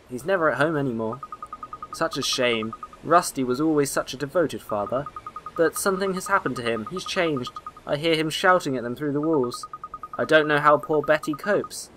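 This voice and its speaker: A man's voice: fairly high pitch, moderate pace, background noise, pitched above the performer's own voice, close to an everyday voice. A man voicing a chatty, fussing old woman neighbour who loves to gossip, with game music behind. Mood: gossipy.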